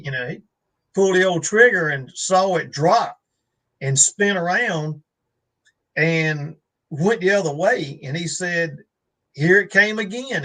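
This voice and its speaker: A man's voice: fairly high pitch, fairly bright tone, rough recording. A man tells a rambling story on a live show, full of fillers and restarts. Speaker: guest. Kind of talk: casual storytelling on a live stream.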